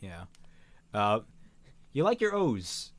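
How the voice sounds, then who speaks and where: A man co-hosting a stream, reading fan writing aloud and critiquing it in halting, casual talk. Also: on the low side, no room sound. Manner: halting, many restarts, lively when reading quotes.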